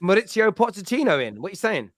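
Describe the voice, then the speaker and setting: A man's voice: high-pitched, sing-song, quick pace, no echo, clean studio sound. A man, hosting a casual football chat and telling rambling, jokey stories. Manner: chatty, rambling, jokey storytelling. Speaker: podcast host.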